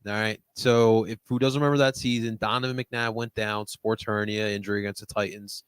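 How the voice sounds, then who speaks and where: A man's voice: on the low side, level tone, fairly quick, fairly bright tone, clean tone, no room sound. A man co-hosting a casual sports podcast, energetically recounting a game. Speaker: podcast co-host.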